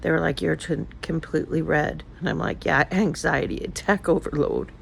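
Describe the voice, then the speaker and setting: A woman's voice: low-pitched, steady tone, normal speed, gravelly, slight background noise, poor audio. An older woman talking casually in a personal vlog, emotional and rambling as she confides in her viewers. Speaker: vlogger.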